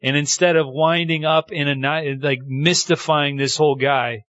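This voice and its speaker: A man's voice: moderate pace, dry recording, highs cut off. A man preaching a sermon, telling the story with feeling and acting out the quoted lines. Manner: animated storytelling, acting out quotes with pitch swings. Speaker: pastor.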